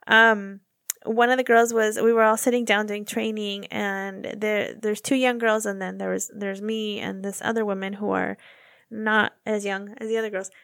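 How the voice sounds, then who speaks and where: A woman's voice: mid-range voice, level tone, moderate pace, gravelly, a bit bright, no room sound, studio quality. A middle-aged woman co-hosting a podcast, telling stories animatedly with laughter and mimicked quotes. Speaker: podcast co-host. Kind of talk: casual podcast chat, storytelling.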